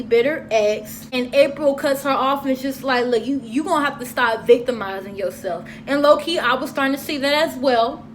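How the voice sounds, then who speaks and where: High-voiced, profane woman reviewing TV. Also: slight background noise. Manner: profane, animated, sassy commentary. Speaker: TV show reviewer. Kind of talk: casual solo review vlog.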